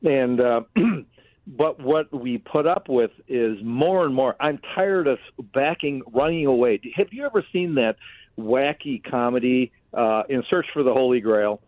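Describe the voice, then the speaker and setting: A man's voice: mid-range voice, a little slow, dry recording. Radio guy rambling on, lots of "you know", sounds like a thin phone line. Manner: rambling, restarts sentences, frequent "you know". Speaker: radio co-host. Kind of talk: casual political talk radio chat.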